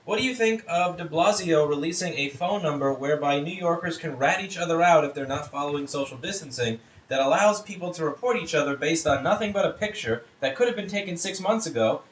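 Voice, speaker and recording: A man's voice: a little high, animated, brisk, hardly any pauses, echoey room, a little hiss or hum. A man hosting his channel, chatting casually and playfully to his pet cat, cooing and teasing in baby talk at home. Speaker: channel host.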